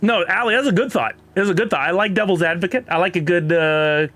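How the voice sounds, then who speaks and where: A man's voice: high voice, a little fast, hardly any pauses, a bit bright, faint music behind. A man with a Texan accent chatting casually on a live stream, rambling and laughing often while reading chat.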